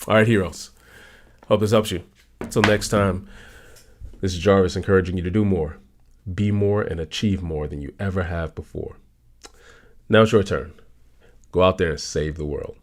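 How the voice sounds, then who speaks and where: A man's voice: normal speed, long pauses. A man hosting a motivational channel, talking emphatically about a book and repeating his key points. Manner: emphatic and repetitive, voice jumps up high when stressing points.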